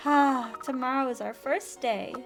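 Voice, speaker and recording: A woman's voice: high-pitched, unhurried. A woman reading a bubbly young baker witch. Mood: cheerful. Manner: bubbly, eager. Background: game music.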